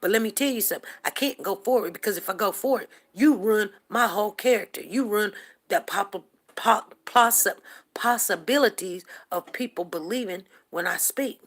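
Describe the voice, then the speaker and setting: A woman's voice: medium pitch, normal speed. A woman hosting a livestream show, talking heatedly and emphatically and repeating herself to drive her points home. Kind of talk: impassioned livestream commentary.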